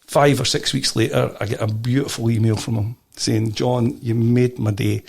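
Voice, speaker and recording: A middle-aged Scottish man in a casual interview, telling stories with animated restarts and repeated words. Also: mid-range voice, normal speed, creaky, slightly rough. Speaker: podcast guest.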